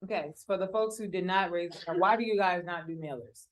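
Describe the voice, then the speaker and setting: A woman's voice: on the low side, a little fast. A woman teaching real estate wholesaling at a live workshop, talking casually with slang and acted-out quotes of the people she deals with. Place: room with a live audience.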